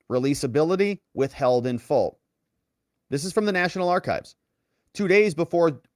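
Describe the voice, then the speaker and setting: A man's voice: a little high, no room sound, clean studio sound. A man hosting online political commentary, walking through documents with sarcastic, incredulous asides. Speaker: legal commentary host.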